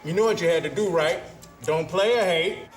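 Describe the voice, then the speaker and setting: An actor playing a teasing young buddy. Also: male voice, a little high, moderate pace, faint music behind, close to an everyday voice. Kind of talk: comedy film scene.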